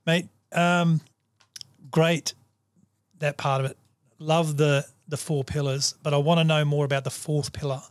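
A man hosting a podcast, calmly affirming his guest and asking questions. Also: fairly high pitch, measured pace, dry recording. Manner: affirming, relaxed listener. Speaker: podcast host. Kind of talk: casual podcast interview.

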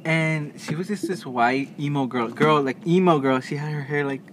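A young man co-hosting a podcast, chatting casually and telling animated stories with acted-out quotes. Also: fairly high pitch, normal speed. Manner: animated storytelling, playful, acts out quotes. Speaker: podcast co-host. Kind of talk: casual chat. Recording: noisy, corrupted mic audio.

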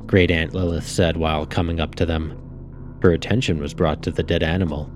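A man calmly reading a story aloud as narrator. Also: a bass voice, brisk, faint music behind.

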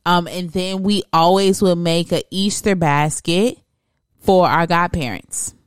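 A woman in her thirties chats and jokes with an easy, quick-to-laugh manner. Her voice is low-pitched and smooth, recorded dry and close. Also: no room sound. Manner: chatty, joking, quick to laugh. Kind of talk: casual chat.

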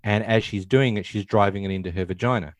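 A man's voice: lowish voice, quick pace, dry recording. A man casually recapping a film scene by scene, rambling and acting out quotes in passing. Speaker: podcast host.

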